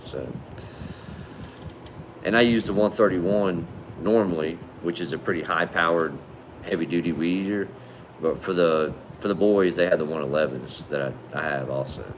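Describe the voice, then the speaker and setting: A man's voice: sits low, normal speed, a little hiss or hum. A man hosting a casual livestream, reading viewer comments aloud in a laid-back, friendly way and calling people man and brother. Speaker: livestream host.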